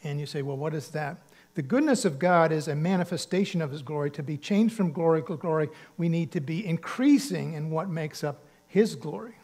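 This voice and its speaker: A man's voice: on the high side, fairly quick, darkish tone. A man preaching a sermon as pastor, speaking earnestly and conversationally, with emphatic bursts on key words. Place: church sanctuary.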